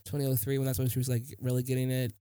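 A man's voice: mid-range voice, completely flat delivery, rapid-fire, mellow, smooth, dry recording, clean studio sound. A man co-hosting a podcast in casual chat, talking in an effusive, gushing way and trailing into sighs. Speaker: podcast co-host.

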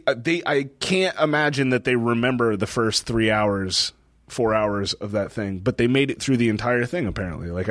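A man's voice: fairly low pitch, no echo, clean studio sound. A young man co-hosting a podcast, telling stories in casual chat, laughing often and acting out what people said. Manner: animated storyteller, laughs often, acts out quotes. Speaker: podcast co-host. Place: lives in a city in the northeastern United States.

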